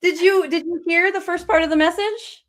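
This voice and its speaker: High-voiced, reassuring psychic host. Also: female voice, fairly even intonation, normal speed. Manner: reassuring, encouraging. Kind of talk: live online psychic reading.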